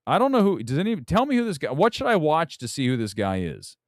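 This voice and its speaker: A man hosting a casual movie talk livestream, loud, profane and rambling. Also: fairly high pitch, huge pitch swings, fast talker, hardly any pauses, dry recording, studio quality. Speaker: movie talk show host.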